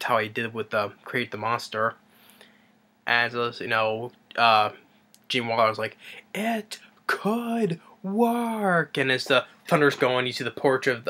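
A man's voice: mid-range voice, pushed and bright. A man casually retelling a film's plot as a reviewer, rambling and hesitant with many fillers and restarts. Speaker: movie reviewer.

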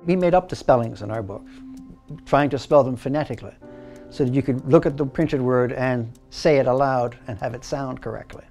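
Man, gravelly, mid pitch, plain, explanatory. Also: a little fast, darkish tone, faint music behind. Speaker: interviewee. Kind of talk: documentary interview.

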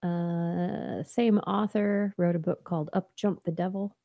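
A woman's voice: fairly low pitch, fairly even intonation, unhurried, no echo, phone-quality sound. A tired woman hosting a podcast, rambling casually in an after-show chat and dropping now and then into half-whispers. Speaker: podcast host.

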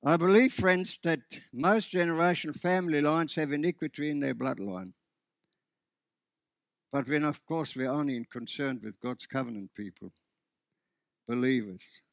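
A man's voice: on the high side, moderate pace, vocal fry, no echo, studio quality. A man preaching a sermon as pastor, earnest and often restarting his sentences. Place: church.

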